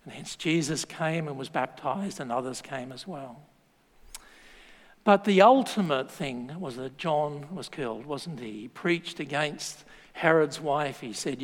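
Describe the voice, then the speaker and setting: An Australian man preaching a sermon, telling stories in a lively, joking way. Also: a little high, unhurried. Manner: lively storytelling with laughs and asides. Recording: long hall reverb.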